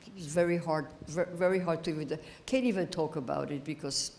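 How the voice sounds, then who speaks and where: A woman in her eighties giving a personal testimony as keynote speaker, slow and halting, repeating phrases as she grows emotional. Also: low-pitched, creaky, darkish tone. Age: 80s. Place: high school event hall.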